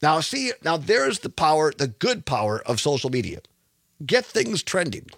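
A man's voice: fairly high pitch, very animated, moderate pace, gravelly, a bit bright, no room sound. A man in his fifties hosting a call-in radio talk show, chatting with callers and reading local news aloud. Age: 50s. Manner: chatty, repeats phone number, reads news aloud.

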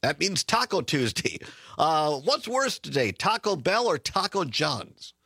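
A man's voice: fairly high pitch, measured pace, husky, dry recording. A man hosting a political talk radio show from a studio, chatty and sarcastic. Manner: chatty, sarcastic, lively asides.

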